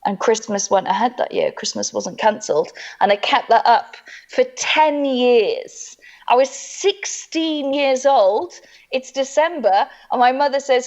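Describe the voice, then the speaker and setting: A woman comedian telling a funny personal story, animated and laughing through it, acting out the voices of the people in it. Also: sits high, measured pace, lo-fi sound. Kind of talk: comic storytelling.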